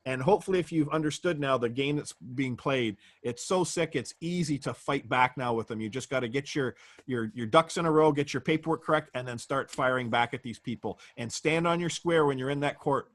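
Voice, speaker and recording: A man's voice: mid-range voice, a little fast, a bit bright. A man, a guest in a conversational interview, telling stories emphatically and asking rhetorical questions.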